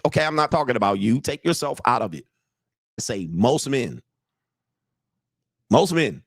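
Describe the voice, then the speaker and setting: A man in the middle pitch range talks straight into a dry, close mic, delivering a blunt, profane livestream rant as a dating coach. He repeats his points and keeps pressing his viewers to say whether they disagree. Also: dry recording. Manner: blunt, profane, repetitive, asks the audience for agreement. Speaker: dating and relationship coach streaming live. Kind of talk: casual livestream monologue.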